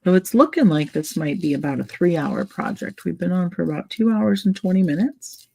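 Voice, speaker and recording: A woman's voice: fairly low pitch, lively intonation, a little fast, creaky, darkish tone, breathy edge. A woman hosting a casual craft livestream, chatting in a rambling way and laughing often. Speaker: livestream host.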